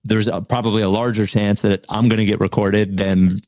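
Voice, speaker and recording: A man's voice: on the low side, little pitch movement, brisk, a little mellow, no echo. A man co-hosting a casual talk show, telling a story with energy and acting out quoted arguments. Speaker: podcast co-host. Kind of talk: casual conversation.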